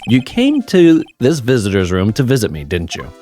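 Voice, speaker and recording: A man's voice: medium pitch, wildly swooping pitch, moderate pace, mellow, faint music behind, pitched below the performer's own voice. A man voicing a flamboyant, vain male star magician who drawls his lines in a showy, self-admiring way. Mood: smug flirty.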